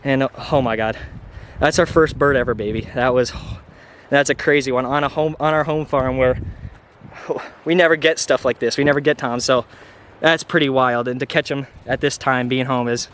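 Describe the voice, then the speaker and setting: Young male hunting vlogger from Iowa, breathless and excited, mid-pitch voice, outdoor camera audio with faint hiss. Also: normal speed. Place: outdoors in a field.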